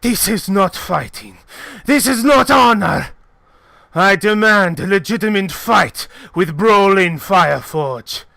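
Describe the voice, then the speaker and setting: A man's voice: expressive, takes it slowly, creaky, pushed and bright, breathy edge, dry recording, clean studio sound, heavily acted. A man voicing a proud, honor-bound male gladiator who speaks in a grave, formal way. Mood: indignant. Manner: grave and formal, booming when angered.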